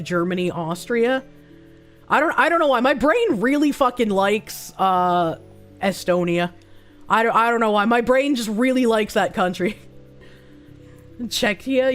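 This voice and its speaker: A young woman streaming a guessing game, thinking aloud, laughing often and swearing freely. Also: mid-range voice. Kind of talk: casual live-stream commentary while playing a guessing game. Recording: faint music behind the voice.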